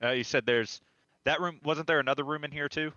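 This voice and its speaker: A man playing a tabletop game speaks hesitantly and trails off mid-thought. His voice is bright and forceful, and the recording is dry and close. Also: on the high side, fairly even intonation, fairly quick, dry recording, muffled recording. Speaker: player.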